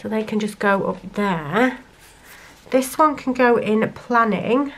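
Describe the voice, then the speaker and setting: A woman's voice: a little high, slow pace. A young woman chatting casually to camera while she sorts her sticker collection and thinks aloud. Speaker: planner sticker vlogger.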